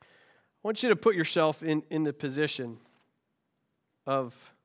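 A man's voice: fairly high pitch, expressive, unhurried. A male pastor with a cold, preaching a sermon with rhetorical questions and self-deprecating jokes. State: has a cold.

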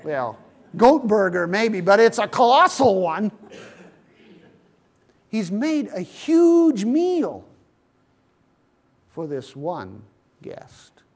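A man's voice: high voice, sing-song, drawn-out words, long pauses. A man preaching a sermon, retelling a Bible story and speaking to his listeners as friends. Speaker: pastor.

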